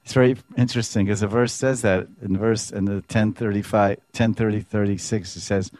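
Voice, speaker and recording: Lower-voiced man giving a devotional talk. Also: brisk, no echo. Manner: expressive, repeats words, makes playful sound effects. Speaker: Vaishnava teacher. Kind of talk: devotional lecture.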